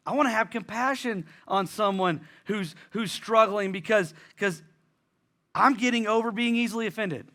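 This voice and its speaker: Male pastor, high bright voice; conversational sermon delivery, repeats lines for emphasis. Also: normal speed.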